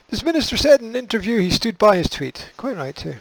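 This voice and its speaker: Gravelly man with sarcastic news asides. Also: high voice, very animated, fast talker, dry recording, low-quality recording. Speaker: host. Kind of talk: reading news and commenting.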